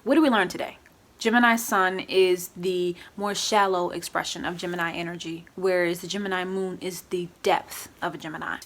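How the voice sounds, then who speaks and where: A woman's voice: on the low side, normal speed. Woman, vlog host, casual explainer, chatty, conversational fillers, playful acted-out quotes. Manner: chatty, frequent "you know" and "right?"; acts out quoted moods in lively voices. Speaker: astrology YouTuber.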